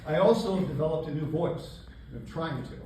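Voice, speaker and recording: An older man performing a stand-up comedy set on a club stage, with a deadpan, self-mocking delivery. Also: fairly high pitch, normal speed, background noise. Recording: echoey live club, distant mic. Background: audience laughter.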